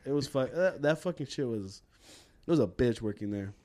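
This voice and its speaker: A young man casually telling a profane, animated work story on a podcast, laughing as he goes. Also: mid-range voice, fairly quick. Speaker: podcast co-host.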